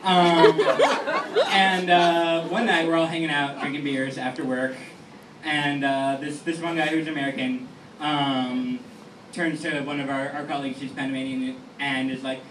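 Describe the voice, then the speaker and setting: A man's voice: fairly high pitch, fairly even intonation, a little slow, a bit bright. A young man in his twenties doing a stand-up comedy set in a small lounge, talking in a rambling, self-deprecating way with lots of fillers and restarts. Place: small lounge venue with a live audience. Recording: echoey room audio from far off with noise. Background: room ambience and audience noise.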